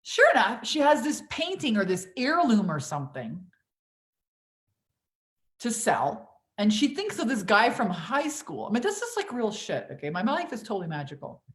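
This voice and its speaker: A woman's voice: on the high side, wildly swooping pitch, moderate pace. A young adult woman coaching on a livestream, casually reading viewer comments aloud and swearing freely as she talks. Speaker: business coach hosting a livestream Q&A. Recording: echoey room.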